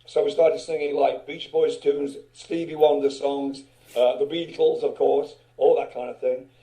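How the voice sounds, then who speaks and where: A man's voice: mid-range voice, flat delivery, unhurried, mellow. A man in his seventies, a guest singer telling a story in a rambling way, full of fillers. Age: 70s. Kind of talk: casual storytelling. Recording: echoey room.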